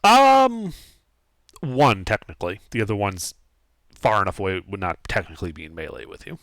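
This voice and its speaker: A man's voice: lowish voice, sing-song, moderate pace, fairly bright tone, no echo, clean studio sound. A man acting as game master, giving matter-of-fact rulings and laughing easily. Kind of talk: running a tabletop game over voice chat.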